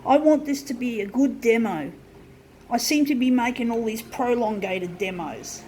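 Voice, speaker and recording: A woman works through a craft demo for her viewers, frustrated, sweaty, hot and shaking, cursing a lot and addressing them as folks. Her voice is fairly high and darkish at a moderate pace, on a low-quality recording with a little hiss or hum.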